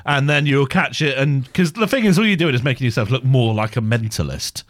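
A man's voice: medium pitch, animated, brisk, dry recording. A man hosting a podcast, chatting casually and jokily. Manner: chatty, jokey. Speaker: podcast host. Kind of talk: casual chat.

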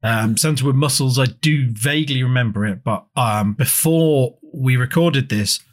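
A man's voice: mid-range voice, moderate pace. A man from England co-hosting a casual podcast, telling rambling stories and swearing freely. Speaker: podcast co-host. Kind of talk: casual chat.

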